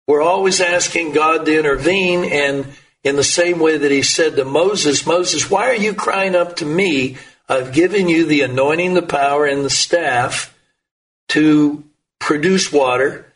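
A middle-aged man preaching a sermon, slow and emphatic, his voice rising when he quotes scripture. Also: a little high, fairly bright tone, recorded from a distance, rough recording.

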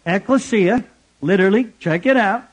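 A man's voice: high voice, normal speed, breathy edge. A man preaching a sermon in an emphatic, conversational way, asking the congregation rhetorical questions.

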